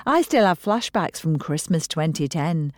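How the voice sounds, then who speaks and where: A woman reading an audiobook voices a middle-aged mother, bantering and quick to take offence. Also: low voice, animated, no echo, clean studio sound. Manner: indignant, bantering.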